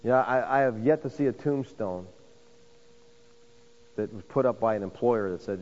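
This pastor calls his congregation "folks" while building his sermon toward emphatic points, speaking at normal speed with long pauses in a mid-range, slightly mellow voice. The sound is dull, with long hall reverb.

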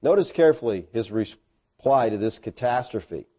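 A middle-aged man preaches a sermon, telling stories with folksy asides and self-deprecating humor. His husky voice keeps a moderate pace, but the animated storytelling breaks into sudden loud, high bursts.

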